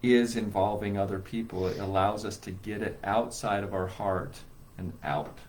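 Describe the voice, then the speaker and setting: A man's voice: on the low side, normal speed, a little mellow, slight background noise, rough recording. A man co-hosting a reflective conversation about grief. He speaks in a thoughtful, sincere way. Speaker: podcast co-host.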